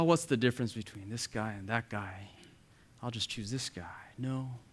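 A man preaching a sermon as a pastor, earnest and emphatic, sometimes dropping to a near whisper. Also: mid-range voice.

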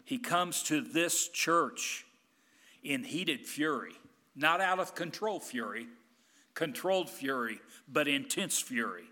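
A man preaching a sermon as pastor, emphatic and intense, swinging between loud and hushed. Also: on the high side, lively intonation, takes it slowly.

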